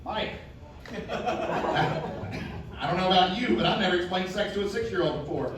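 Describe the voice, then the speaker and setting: A man's voice: sits high, normal speed, crowd noise. A man doing a self-deprecating stand-up set, telling family stories on a club stage. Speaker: stand-up comedian. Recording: echoey club, distant mic, audience.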